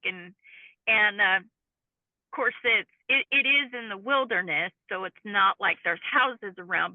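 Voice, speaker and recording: A woman's voice: mid-range voice, no room sound. A woman, a cryptid field researcher and interview guest, earnestly recounting a personal encounter in detail. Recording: tinny phone-like call line, dry.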